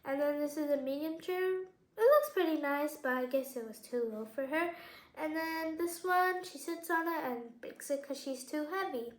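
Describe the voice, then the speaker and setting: A woman with a high voice reads a picture book aloud for children, pausing to chat about the pictures and quiz her listeners. Her voice rings in an echoey room. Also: a little hiss or hum. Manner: casual, explains the pictures and asks questions. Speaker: children's story reader.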